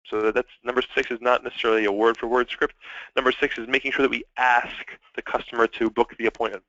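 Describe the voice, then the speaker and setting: A man's voice: medium pitch, flat delivery, quick pace, sharp tone, no room sound. Upbeat male sales trainer, dull dry audio. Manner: upbeat, coaching, numbered points. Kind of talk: training lecture.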